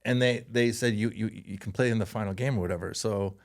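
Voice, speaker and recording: A man from Canada, a former hockey player, telling stories in a casual interview, animated and laughing often as he acts out voices. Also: on the low side, fast.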